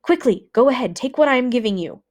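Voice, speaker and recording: A woman's voice: high voice, expressive, fast, darkish tone, voice pushed up. A woman reading aloud voices an exhausted older father urgently pressing gifts on his son. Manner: urgent, insistent.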